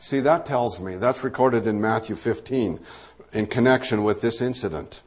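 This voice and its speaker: A man's voice: medium pitch, moderate pace. Man teaching a Bible passage. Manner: conversational, with asides and fillers. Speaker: preacher.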